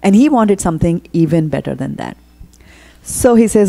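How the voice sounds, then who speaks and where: Woman telling a sermon story, warm low voice. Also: lively intonation, big-room sound. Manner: retells the story with quoted dialogue, pauses and fillers. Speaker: speaker giving a temple talk.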